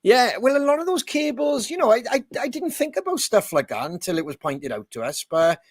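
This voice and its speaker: A man's voice: extremely high pitch, very animated, brisk, no room sound, clean studio sound. A man in a band, chatting casually on a podcast, rambling, swearing freely and laughing often. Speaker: band member co-hosting a podcast. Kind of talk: casual chat.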